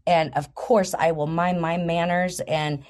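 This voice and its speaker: A woman's voice: lowish voice, steady tone, a little slow, a little mellow, lightly acted. A woman voicing a once foul-mouthed male parrot who now speaks formally and apologetically, in a told joke. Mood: contrite. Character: polite repentant talking parrot, male.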